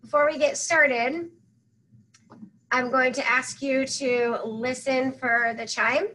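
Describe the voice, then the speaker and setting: A woman leading a guided loving-kindness meditation, giving soft, soothing instructions with long pauses. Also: high-pitched, fairly even intonation, slight background noise, low-quality recording.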